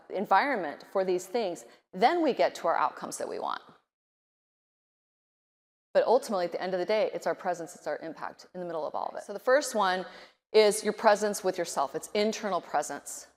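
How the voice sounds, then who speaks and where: A middle-aged woman giving a conference keynote speech, animated, often acting out nervous inner voices. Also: lowish voice. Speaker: keynote speaker. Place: large conference hall. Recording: reverberant conference hall.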